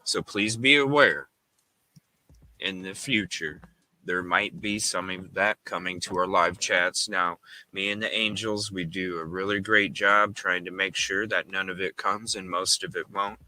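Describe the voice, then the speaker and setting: Male host, low voice, very bright and forceful tone, earnest, speaks straight to viewers. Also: fairly even intonation, unhurried, poor audio. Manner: direct, earnest, addresses the audience with repeated checks. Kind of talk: casual live-stream talk to viewers.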